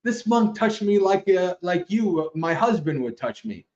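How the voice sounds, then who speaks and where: A man's voice: high-pitched, big pitch swings, moderate pace, a little mellow, voice pushed up. A man voicing a scornful wife scolding her husband. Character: scornful wife, adult woman, sharp-tongued. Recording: roomy, slightly dull livestream audio.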